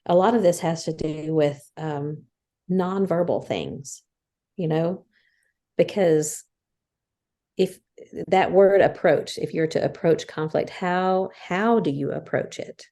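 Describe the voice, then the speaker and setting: A woman's voice: sits low, slow pace, warm tone. A woman in her fifties co-hosting a casual faith podcast, earnestly explaining her points one by one. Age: 50s. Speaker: podcast co-host.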